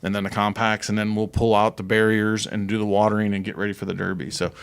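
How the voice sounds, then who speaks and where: Brief: middle-aged man, lowish voice, dry close sound, rambling and jokey, race track promoter on a chat show. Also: level tone, clear, resonant tone, dry recording. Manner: rambling, joking, quick to tease. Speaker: speedway promoter and podcast co-host. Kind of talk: casual podcast chat.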